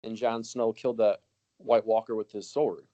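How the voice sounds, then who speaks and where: A man's voice: fairly low pitch, fairly even intonation, normal speed, dark tone, lo-fi sound. Man ranting, profane podcast co-host. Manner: ranting, profane, laughs often. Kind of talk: casual podcast chat.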